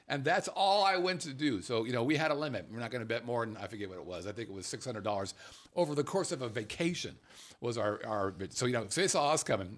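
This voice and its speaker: A man's voice: medium pitch, animated, fast talker. A man hosting a casual talk show, swearing freely and acting out quotes in funny voices. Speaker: podcast host. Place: Las Vegas.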